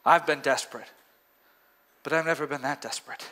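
A man teaching a Bible passage in an animated, conversational, emphatic sermon. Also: a little high, brisk. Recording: echoey hall.

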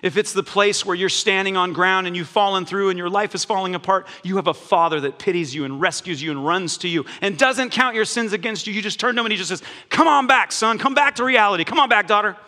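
Bright-voiced male pastor preaching in a hall. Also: high-pitched, fast talker, few pauses. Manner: lively, conversational, laughs while preaching. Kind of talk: sermon. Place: church sanctuary. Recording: long church hall reverb.

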